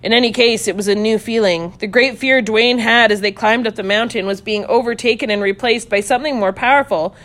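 A woman reading a children's story aloud, playful and animated, voicing sound effects as she goes. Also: on the high side, fairly quick, hardly any pauses.

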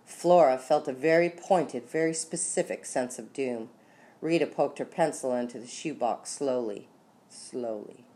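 Low-voiced woman reading a children's story. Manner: expressive, lively storytelling with slowed dramatic beats. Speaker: audiobook narrator. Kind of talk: scripted narration.

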